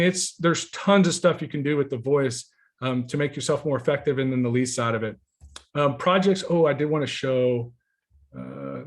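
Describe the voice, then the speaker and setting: A man walking through his software in a casual webinar, talking in a rambling, enthusiastic way with many fillers. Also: mid-range voice. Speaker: software founder giving a demo.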